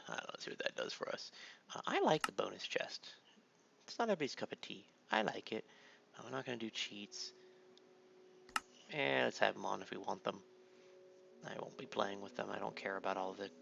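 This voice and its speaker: Man, gravelly low voice, tired-dad let's-play chatter, dull lo-fi home mic with faint hiss. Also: animated, fairly quick, pauses often. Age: adult father. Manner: rambling, laid-back, many fillers, tired dad tone. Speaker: gameplay video host. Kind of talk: casual let's-play commentary. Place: home computer room.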